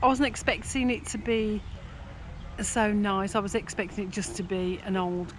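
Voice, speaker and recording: A woman's voice: mid-range voice, steady tone, moderate pace, slight background noise. A woman with slightly posher speech chats casually outdoors on a canal towpath. She keeps her replies short and easy-going. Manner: laughs easily, a little posher speech. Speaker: cycling vlog co-host. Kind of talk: casual outdoor vlog chat.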